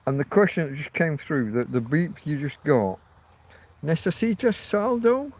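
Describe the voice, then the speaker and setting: A man's voice: medium pitch, lively intonation, normal speed. A man hosting a casual livestream, chatting loosely with viewers and reacting to their comments. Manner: meandering, reacts to chat, self-mocking asides. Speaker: livestream host. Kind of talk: rambling livestream chat with viewers. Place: living in Spain.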